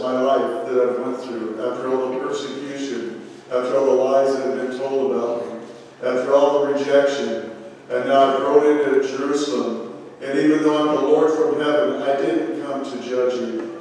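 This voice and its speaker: A man's voice: medium pitch, darkish tone. Earnest preacher man in echoey hall. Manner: earnest and emphatic, with repeated points. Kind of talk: sermon. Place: church hall. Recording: echoey hall, far from mic, faint room noise.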